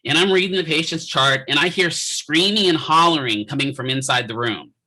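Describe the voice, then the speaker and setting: A man's voice: a little high, brisk, pushed and bright, low-quality recording. A man lecturing students on physical therapy from his office, joking and checking in with frequent rhetorical questions. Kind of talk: classroom lecture with anecdotes.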